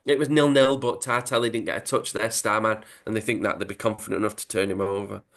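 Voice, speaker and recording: A man's voice: on the low side, fairly even intonation, fast talker, a bit bright. A British man hosting a podcast, retelling a comic story in a casual, rambling way with asides. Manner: rambling recap with fillers and asides. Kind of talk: casual chat.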